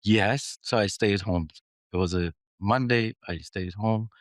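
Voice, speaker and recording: A man with a fairly low voice tells a story to a podcast host, acting out the dialogue as he goes. His pitch swings widely as he voices each exchange. The sound is dry and close. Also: a little slow, dry recording. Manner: animated storyteller who acts out dialogue. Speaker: mining company chief executive.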